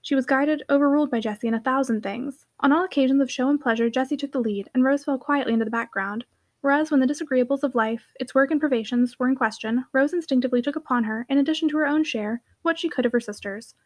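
A woman narrating a classic novel as an audiobook reader, in a brisk, clear reading. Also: sits high. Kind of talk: scripted narration.

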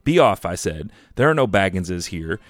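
A man reading aloud as a grumpy old male hobbit farmer who tells his tale with slow relish. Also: low voice, big pitch swings, no echo. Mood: defiant. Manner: drawn-out storytelling with relish.

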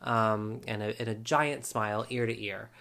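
A man's voice: lowish voice, fairly even intonation, normal speed, gravelly, sharp tone. A man hosting a podcast, recapping a reality show episode in a casual, chatty way with wry asides and frequent ums.

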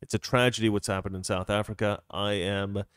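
A man with a fairly low voice hosts a casual political live stream. He rambles, restarting his sentences and filling pauses. The sound is dry and close, with no room echo. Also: level tone, fairly bright tone, clean tone. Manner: rambling, frequent restarts and fillers.

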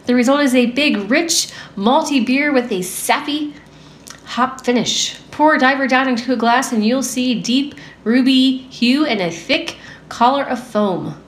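A woman's voice: sits high, unhurried. A woman co-hosting a podcast in casual chat, goofy and rambling. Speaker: podcast co-host. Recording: roomy echo, faint background hum.

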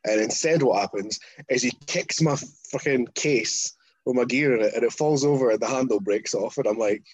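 Husky Scottish man telling a story. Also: mid-range voice, moderate pace, no room sound, poor audio. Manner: animated, swears freely, acts out quotes. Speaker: wrestler guest. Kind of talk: casual storytelling.

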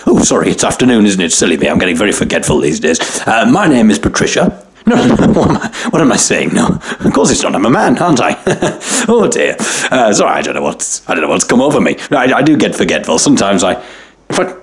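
A man's voice: lowish voice, big pitch swings, fast talker. A man voicing a forgetful, muddled airline captain who giggles and loses his thread. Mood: befuddled.

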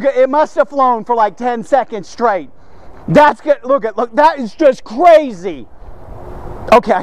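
A male devotional host with a strikingly high-pitched voice talks in a casual, energetic way. He repeats words for emphasis and breaks into friendly asides and little jokes. He is recording from a man cave at home. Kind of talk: casual daily devotional talk.

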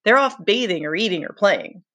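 A woman's voice: mid-range voice, animated, moderate pace, a bit bright. Woman reading as a frustrated boy leader.

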